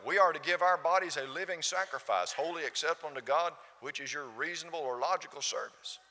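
A man's voice: on the high side, sharp tone. A man preaching a sermon, pressing his listeners with emphatic, repeated rhetorical questions. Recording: long reverb of a hall.

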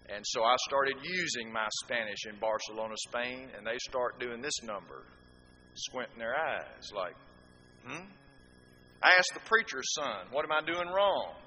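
Bright-voiced man preaching in a hall. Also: medium pitch, muffled recording. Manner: lively, full of rhetorical questions and asides to the congregation. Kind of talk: sermon. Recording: echoey hall with faint background noise.

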